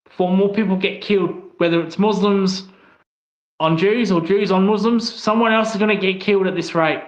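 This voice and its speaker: A man's voice: high voice, steady tone, normal speed. A man with an Australian accent giving a blunt, angry opinion monologue, swearing often as he talks. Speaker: online commentator. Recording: echoey, slightly dull room sound.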